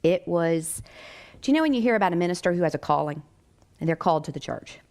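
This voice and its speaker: An American woman, a chiropractic doctor, telling a personal story in a lively way with frequent laughter. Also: on the low side, quick pace.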